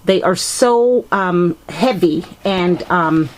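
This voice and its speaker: A woman talks through her craft projects in a relaxed show-and-tell. Her voice sits a little low for a woman. She fills pauses with ums and corrects herself as she goes. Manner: chatty, frequent fillers and self-corrections. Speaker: craft vlogger.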